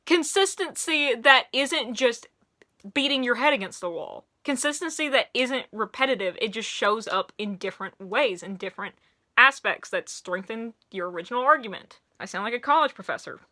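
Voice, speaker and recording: Bright excitable Tennessee woman reviewer. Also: fairly high pitch. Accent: Middle Tennessee. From Middle Tennessee. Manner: animated, laughing, quick bursts of excitement. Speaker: music reviewer. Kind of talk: casual video review.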